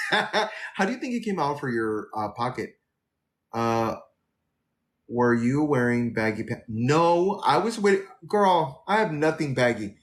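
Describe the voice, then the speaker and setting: A man chatting casually on his livestream, sassy and full of attitude. His voice swings high and low as he tells a story, from a middle-range register. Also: slow. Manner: sassy, animated, calls listeners girl and honey. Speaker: livestream host.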